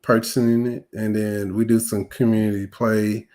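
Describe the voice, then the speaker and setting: Male podcast co-host, deep-ish voice, easygoing and jokey. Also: flat delivery, moderate pace, mellow. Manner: laid-back, joking, laughs easily. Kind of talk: casual gaming chat.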